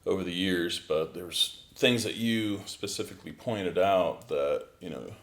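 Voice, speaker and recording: Deep-voiced man with relaxed chat. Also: a little slow. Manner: relaxed, many "you know" fillers. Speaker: actor guest. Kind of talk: casual interview chat.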